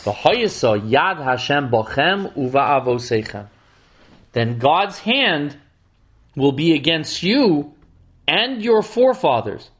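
A man's voice: a little high, big pitch swings, slow, fairly bright tone. A middle-aged man teaching a verse-by-verse scripture lesson, reading passages dramatically and adding wry asides. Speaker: Torah teacher.

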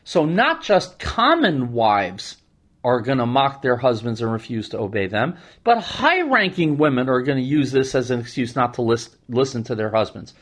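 A man leads a lesson on scripture with a very lively, expressive pitch that swings up and down. He breaks into chanted Hebrew verses and adds wry asides along the way. His voice sits in the middle of the male range. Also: moderate pace. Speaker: Torah teacher.

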